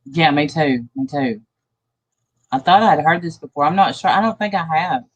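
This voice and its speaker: Deep husky woman reacting to a video, low-key, dull lo-fi audio. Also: animated, moderate pace. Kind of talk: reaction commentary.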